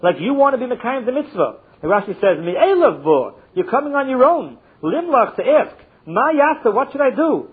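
A man's voice: extremely high pitch, sing-song, moderate pace, hardly any pauses, slightly rough. A man teaching a Talmud lesson, reading short phrases and translating each one in turn with a chanting cadence. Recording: muffled phone-like recording.

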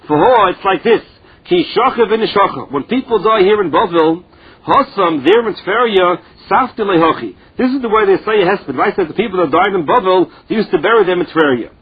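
A man's voice: sits high, animated, brisk, breathy edge. A man teaching a Talmud lesson, reading each phrase and then explaining it in plain words. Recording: dull lo-fi recording.

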